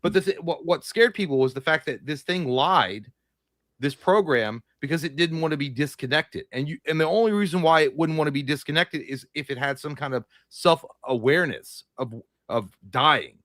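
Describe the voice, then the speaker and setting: Rambling, excitable male co-host. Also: a little high, moderate pace, no echo, studio quality. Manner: rambling, excitable, swears freely. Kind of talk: casual live movie chat.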